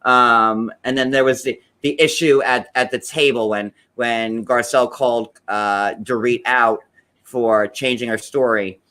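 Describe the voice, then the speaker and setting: A man's voice: mid-range voice, steady tone, unhurried, pushed and bright. A man co-hosting a casual recap chat, rambling with lots of fillers and restarts. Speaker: co-host recapping a reality show.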